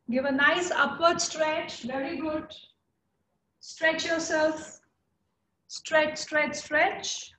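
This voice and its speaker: High-voiced Indian woman coaching slow yoga. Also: fairly even intonation, a bit bright, reverberant, slight background noise. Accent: Indian English. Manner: encouraging, coaching by name, slow cues. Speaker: yoga instructor. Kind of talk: live online chair yoga class.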